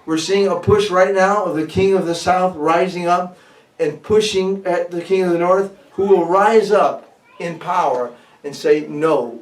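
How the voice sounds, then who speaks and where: American pastor preaching in a roomy echo. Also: male voice, fairly high pitch, far from the mic. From United States. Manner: switches between English and French, halting restarts in French. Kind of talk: bilingual prophetic sermon. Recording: echoey room, speaker away from mic.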